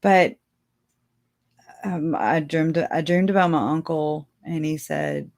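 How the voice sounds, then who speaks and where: A woman's voice: low-pitched, animated, slow pace, darkish tone. A woman hosting a casual livestream, rambling and chatty, laughing often and talking straight to her viewers. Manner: speaks to viewers directly. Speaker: livestream host.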